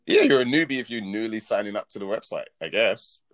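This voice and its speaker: Deep-voiced man, casual podcast chat. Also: expressive, quick pace, fairly bright tone. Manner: chatty, laughs often, playful. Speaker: podcast co-host.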